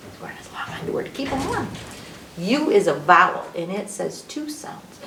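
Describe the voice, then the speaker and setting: Storytime reader: woman, lively sing-song phonics delivery, distant mic in a roomy library. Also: medium pitch, moderate pace, a little hiss or hum. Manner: playful, sing-song phonics teaching with sound effects. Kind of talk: children's read-aloud lesson. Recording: echoey room, distant mic.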